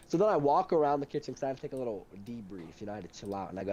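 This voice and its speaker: A young man tells a heated work story at a quick clip, swearing freely and getting animated. His voice is mellow and warm rather than bright. There is a faint hiss of background noise. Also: medium pitch. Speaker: storyteller in a duo chat. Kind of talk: casual chat.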